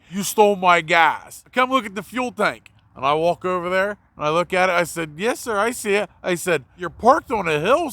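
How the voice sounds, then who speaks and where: A man's voice: high voice, no room sound. A man, a mobile mechanic, casually telling a story about a customer and acting out both sides of the conversation. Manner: animated, acts out both sides of the dialogue.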